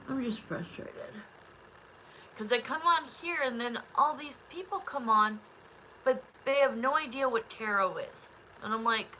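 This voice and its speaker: Woman doing a live tarot stream, bright kinda tense voice, rambling at her chat, frustrated and almost crying. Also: on the high side, unhurried, a little hiss or hum, rough recording. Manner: rambling, talks straight to the chat. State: frustrated and close to tears.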